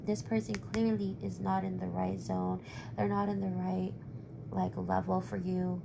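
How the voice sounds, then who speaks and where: Woman doing tarot on a livestream, fry-heavy voice going hoarse, flat delivery, noisy background. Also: on the low side, unhurried. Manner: direct, reassuring, calls the viewer honey. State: losing her voice. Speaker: tarot reader. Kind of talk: live-stream tarot reading.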